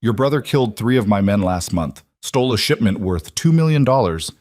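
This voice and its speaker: Narrator voicing a controlled Russian gangster, calm menace, deep and dry. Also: male voice, fairly quick, no echo, close to an everyday voice. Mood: menacing. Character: cold, calm male Russian mob boss.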